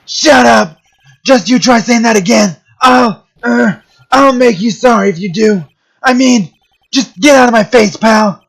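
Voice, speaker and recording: A man voicing a gruff, loyal male police detective who barks and blusters at his underlings while reading game dialogue on a stream. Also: high-pitched, fairly even intonation, fast, pitched above the performer's own voice, exaggerated voice. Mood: angry barking.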